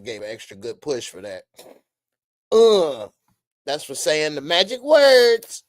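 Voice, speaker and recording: A man hosting a casual live-stream reaction, reading chat comments, animated with loud bursts and frequent laughs. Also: fairly high pitch, slow, dry recording, clean studio sound.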